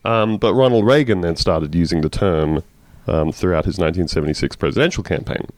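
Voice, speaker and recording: A man's voice: low-pitched, brisk, darkish tone, no echo. A man co-hosting a casual comedy podcast, dropping sarcastic asides while reading out facts. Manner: wry, playful, reads facts with sarcastic asides. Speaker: podcast co-host.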